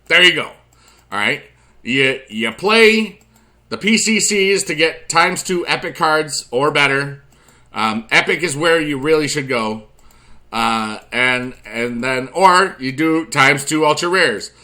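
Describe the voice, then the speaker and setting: Male gaming host, bright tone, chatty rambling commentary with sudden loud bursts. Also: a little high, slow pace. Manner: rambling, chatty, drifts from quiet asides to loud excited bursts; addresses viewers directly with friendly advice. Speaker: YouTube gaming channel host.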